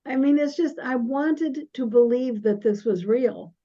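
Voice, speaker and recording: Slow-spoken older woman, muffled audio. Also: high-pitched, mellow. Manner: halting, with frequent restarts. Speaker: guest. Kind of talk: casual conversation. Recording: dull lo-fi audio.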